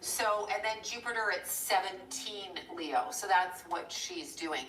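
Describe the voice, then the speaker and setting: A woman chatting casually on a live stream while she draws, rambling, blunt and a little profane, with quick chuckles. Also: mid-range voice, background noise. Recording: roomy echo from a distant mic.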